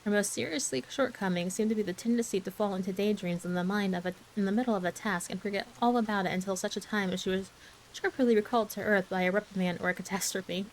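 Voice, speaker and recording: A woman gently narrating a classic novel as a soft ASMR bedtime story reading. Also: medium pitch, quick pace, a little hiss or hum, poor audio.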